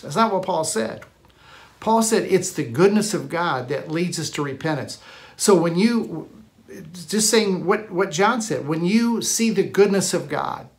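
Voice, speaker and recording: Male pastor, live-streamed sermon, emphatic repetitive delivery, a bit high-pitched. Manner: emphatic preacher, repeats key phrases, frequent restarts.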